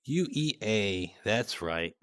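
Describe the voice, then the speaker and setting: A man's voice: fairly low pitch, expressive, slow, fairly bright tone, no echo, clean studio sound. A young man and content creator giving casual, mocking commentary on chat messages in a sarcastic tone.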